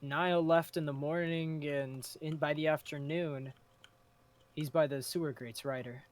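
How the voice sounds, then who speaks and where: A man in character in a role-play, talking through plans and telling a story in a measured, deliberate way. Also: fairly high pitch, steady tone.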